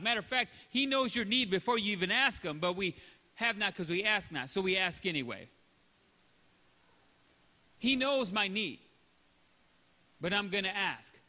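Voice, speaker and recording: A man preaching a sermon, his voice high and bright. He swings between loud, forceful lines and soft, dropped asides as he acts out small exchanges. The sound carries the long reverb of a big hall. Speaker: pastor.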